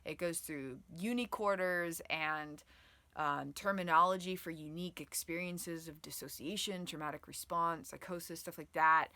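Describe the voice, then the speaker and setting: Woman explaining nervous system stuff, lots of likes and ums, bright forceful tone, dry close sound. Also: sits low, steady tone, normal speed, no room sound. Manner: explanatory, filler-heavy with frequent "like" and "um"; acts out inner voices dramatically. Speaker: trauma and nervous-system educator. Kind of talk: online teaching video.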